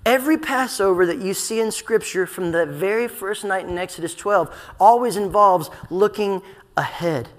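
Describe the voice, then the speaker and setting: A man preaching a sermon as pastor, emphatic and slowing down to stress scripture words, with a playful aside to the congregation. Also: high-pitched. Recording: long hall reverb.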